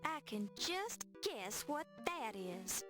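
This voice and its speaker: An actress playing a prim, sharp-tongued young woman in an old adventure game, speaking dryly. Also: fairly high pitch, very animated, takes it slowly, music in the background. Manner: dry, cool and sarcastic.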